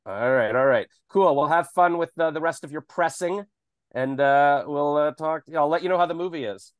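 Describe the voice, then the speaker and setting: Man, Canadian accent, casual interview host, slightly high voice, dry close sound, video call, upbeat and jokey. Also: smooth, no echo. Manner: upbeat, joking, quick to riff.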